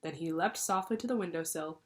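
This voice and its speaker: A teacher reading a children's book aloud, pausing to explain the story to her class. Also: sits low. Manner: lively, pausing to explain to pupils.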